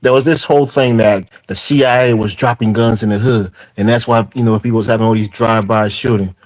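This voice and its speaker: A man's voice: on the low side, steady tone, fast talker, poor audio. Sarcastic man arguing on a panel. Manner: skeptical, sarcastic, argumentative. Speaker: debate panelist. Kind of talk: heated live stream debate.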